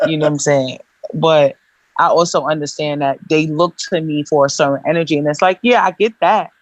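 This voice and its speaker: A woman's voice: sits low, brisk, no echo, muffled recording. A woman, a singer and songwriter chatting animatedly in slangy street talk on a radio show. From Brooklyn, New York. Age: 30s. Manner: animated, slangy, lots of "you know what I'm saying". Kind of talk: casual radio interview chat.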